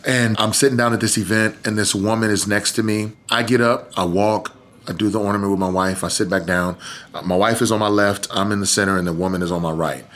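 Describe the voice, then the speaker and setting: A man's voice: on the low side, fairly even intonation, fast talker, a bit bright. A man from Texas, a podcast guest, tells an emotional personal story earnestly, his voice catching with tears.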